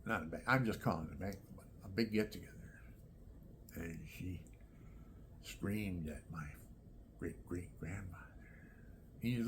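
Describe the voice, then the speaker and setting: Low gravelly guy rambling on about family stuff, keeps slipping into whispers, a bit of hiss behind. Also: normal speed, pauses often. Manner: drifts into soft whispered asides. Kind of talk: rambling personal storytelling.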